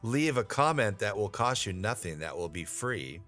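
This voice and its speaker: Deep-voiced wry male podcast host. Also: very animated, moderate pace, fairly bright tone, soft background music. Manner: wry, joking. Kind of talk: casual chat.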